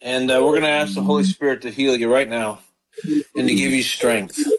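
A man's voice: medium pitch, fairly even intonation, fairly quick, a loud crowd, rough recording. A man, a pastor, hosting a live call-in show, fervent and encouraging as he prays with callers.

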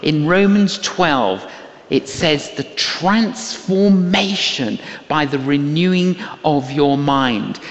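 A man's voice: fairly high pitch, lively intonation, slow. An older man preaching a sermon, telling stories emphatically and repeating key phrases for weight. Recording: echoey hall, dull lo-fi sound.

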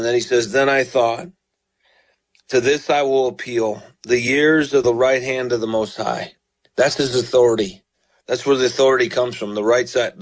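Earnest radio preacher man, mid-pitched. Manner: earnest, pleading, rises in pitch voicing the psalmist. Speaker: radio preacher taking calls. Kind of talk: broadcast sermon with scripture reading.

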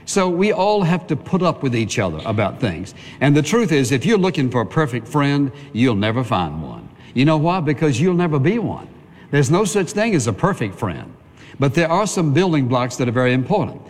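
A man delivers a sermon in an earnest, conversational way, stacking phrase upon phrase. His voice sits at a middling pitch. The sound carries the long reverb of a large hall. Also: very animated, moderate pace. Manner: earnest, conversational preaching with repetition. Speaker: pastor.

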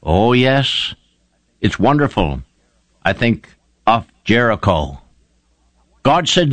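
A man's voice: mid-range voice, big pitch swings, slow, long pauses, fairly bright tone, no room sound. A man preaching a sermon, retelling scripture stories with fervent, emphatic delivery. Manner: fervent, emphatic storytelling with rising exclamations.

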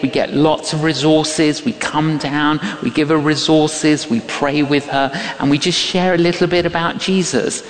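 An older man preaching a sermon, telling a story with emphasis, repeating key phrases and acting out what people said. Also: fairly high pitch. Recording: echoey hall with long reverb.

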